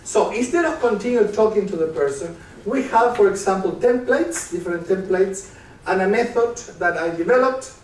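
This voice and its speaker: A man's voice: sits high, animated, moderate pace. Man presenting to a conference audience. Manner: engaged, quizzes the audience with questions. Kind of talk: live stage talk with demonstration. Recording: echoey room, distant mic, faint noise.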